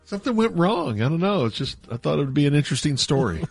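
A man's voice: mid-range voice, rapid-fire, vocal fry, slightly rough, dry recording, soft background music. A man hosting a morning radio call-in show, chatting casually and laughing often. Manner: laughs often, self-deprecating. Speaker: radio show host taking calls. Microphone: studio microphone.

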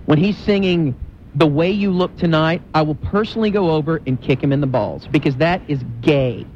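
A man's voice: a little high, moderate pace, darkish tone, dull audio, a little hiss or hum. A man on a sports radio show, bantering in a brash, mocking way.

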